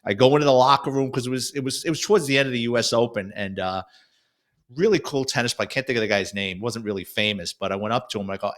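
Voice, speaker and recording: A man from New York, a retired detective and author, telling stories lively in an interview. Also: medium pitch, fast. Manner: lively storyteller, acts out voices. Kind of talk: storytelling interview.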